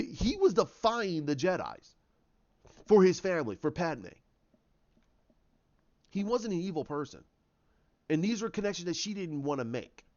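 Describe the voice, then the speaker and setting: Guy with a high-ish voice excitedly walking through his story idea, lots of restarts, kinda muffled lo-fi audio. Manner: animated, acts out scenes with restarts and sound effects. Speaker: channel host. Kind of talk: casual retelling of a story idea.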